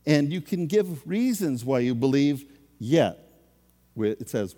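A man's voice: mid-range voice, animated, a little slow, mellow, big-room sound. A man preaching a sermon as a pastor, in a conversational, self-deprecating way.

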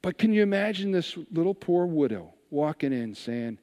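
A man preaching a sermon, telling a scripture story with animated retellings and hushed asides. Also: fairly high pitch, moderate pace, hardly any pauses, big-room sound. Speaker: pastor.

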